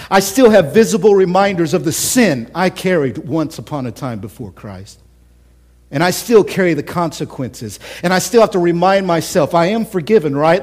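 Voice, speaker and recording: A male pastor with a high, lifted voice delivers a fiery sermon in church. He drives his points hard and loud, then suddenly drops into hushed, near-whispered lines. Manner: impassioned preaching, swinging from shouts to hushed whispers.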